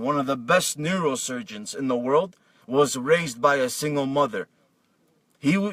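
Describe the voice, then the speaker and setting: A man ranting aggressively about politics, tripping over his words and restarting often. His voice sits a little high. The recording is dry and picked up from some distance off the mic. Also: dry recording. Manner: aggressive, shouting, stumbling restarts. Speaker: political vlogger. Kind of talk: angry political rant.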